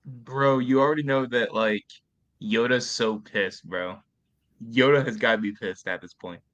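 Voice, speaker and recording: A man's voice: mid-range voice, unhurried, a bit bright, dull audio. A man co-hosting a podcast, casual and laid-back, reacting with short interjections. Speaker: podcast co-host. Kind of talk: casual chat.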